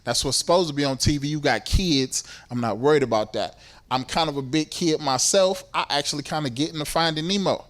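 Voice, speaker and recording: A man's voice: fairly high pitch, brisk, a bit bright. A male stand-up comedian on a club stage, telling a story in an exasperated way. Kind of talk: stand-up routine.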